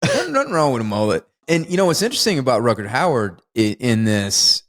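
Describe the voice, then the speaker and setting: A man co-hosting a podcast, chatting casually about a film with lots of laughter and excited jumps in pitch. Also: brisk. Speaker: podcast co-host. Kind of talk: casual film review chat.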